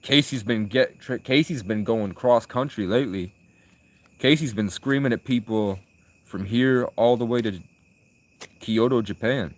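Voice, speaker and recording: A man's voice: mid-range voice, unhurried. A young man live streaming, chatting with viewers in rambling, crude, provocative banter. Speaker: livestreamer.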